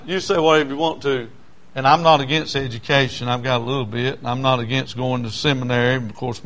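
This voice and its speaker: A man preaching a storytelling sermon in a folksy, repetitive way that turns loud when he is stirred. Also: mid-range voice.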